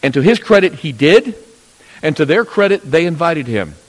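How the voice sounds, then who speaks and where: A man preaching a sermon, telling a Bible story and acting out its characters in sudden loud bursts. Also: on the high side, sing-song, moderate pace, slightly rough. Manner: storytelling, acting out voices of biblical figures with sudden loud rises. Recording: long hall reverb.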